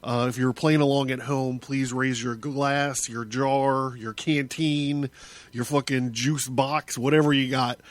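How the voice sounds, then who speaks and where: A man's voice: mid-range voice, steady tone, a little slow, no echo. A man hosting his own podcast, talking through a casual solo monologue in a rambling way, with many restarts and chuckles. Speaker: podcast host.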